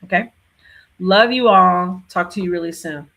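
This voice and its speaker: A woman hosting a casual live Q&A, talking warmly and affectionately to her viewers. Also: on the low side, unhurried, gravelly. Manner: affectionate, repeats loving farewells. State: tearful near the end. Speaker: livestream host.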